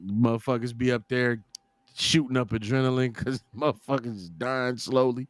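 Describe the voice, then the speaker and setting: A man's voice: mid-range voice, fairly even intonation, moderate pace, dry recording. A man hosting a podcast in loose, profane chat, laughing often. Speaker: podcast host.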